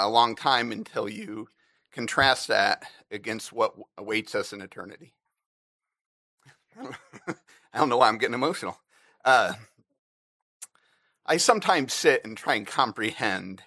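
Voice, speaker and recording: Bright earnest man at a church lectern. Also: mid-range voice, vocal fry, no echo, studio quality. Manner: earnest, halting with fillers, briefly emotional. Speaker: church member giving a personal reflection. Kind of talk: personal reflection talk to a congregation.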